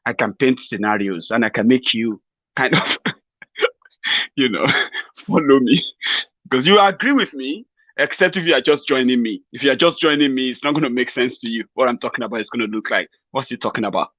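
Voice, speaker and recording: A man's voice: medium pitch, a little fast, a bit bright, no echo. Mocking Nigerian man, dull dry recording. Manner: mocking, rambling, chuckles at his own jokes. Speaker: political commentator. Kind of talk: satirical political commentary vlog.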